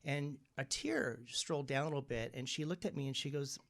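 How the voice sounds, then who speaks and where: A man, a guest medium, talking casually in an interview and telling animated stories, often acting out the people he quotes. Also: mid-range voice, a little fast, creaky.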